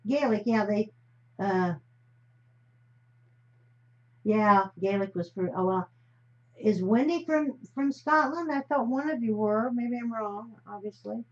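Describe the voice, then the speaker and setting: An American live streamer talks as she crafts, her chatty, wandering remarks often trailing off unfinished. Her voice sits on the high side and she's in no hurry; a faint hiss runs under the slightly dull recording.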